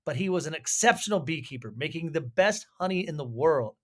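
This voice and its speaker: A man co-hosting a podcast, casually recapping a film with halting speech and frequent fillers. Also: on the high side, lively intonation. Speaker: podcast co-host. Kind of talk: casual movie recap chat.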